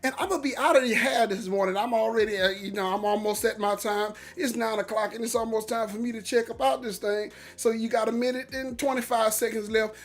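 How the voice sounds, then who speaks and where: A man's voice: high voice, steady tone, a little fast, hardly any pauses. A man hosting a casual morning livestream, hyped and upbeat, reading out viewer comments with loose, repetitive catchphrases. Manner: hyped, upbeat encouraging talk. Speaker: livestream host.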